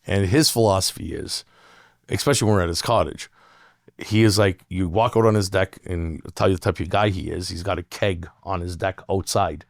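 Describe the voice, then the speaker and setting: A man with a lowish voice spins loose, rambling stories in a casual podcast chat. He swears freely and breaks into laughs, and the sound is close and dry with no room around it. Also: steady tone, a little fast, creaky, dry recording. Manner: rambling storyteller, swears a lot, laughs often.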